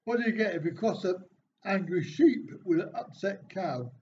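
A high-pitched man with a darkish tone speaks at a measured pace while hosting a casual live stream. He reads viewers' jokes from the chat aloud and answers with dry, self-mocking remarks, over dull, slightly lo-fi audio with faint noise.

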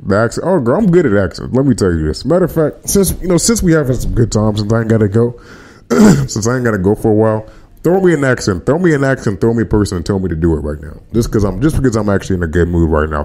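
A man's voice: on the low side, quick pace. A man hosting a podcast livestream, chatting casually with his viewers in slang. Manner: animated, slangy, talks to chat. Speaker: podcast host.

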